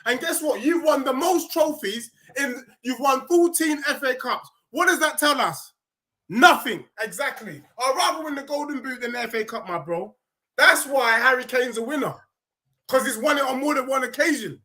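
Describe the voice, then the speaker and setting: A man's voice: extremely high pitch, animated, normal speed, sharp tone. A man in a heated football debate on a video call, insistent and repeating himself to get a word in. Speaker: football podcast guest.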